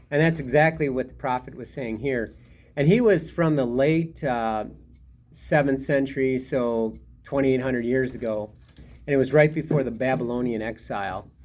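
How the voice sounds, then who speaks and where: A man's voice: medium pitch, darkish tone. A man leading an informal Bible study, explaining scripture conversationally with frequent restarts.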